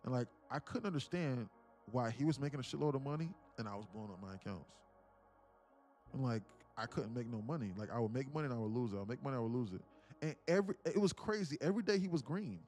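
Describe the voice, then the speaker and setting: A man's voice: mid-range voice, lively intonation, quick pace, a little mellow, soft background music. A man hosting a live day-trading stream, chatting casually and rambling, often repeating words as he talks to his viewers. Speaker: day-trading livestream host.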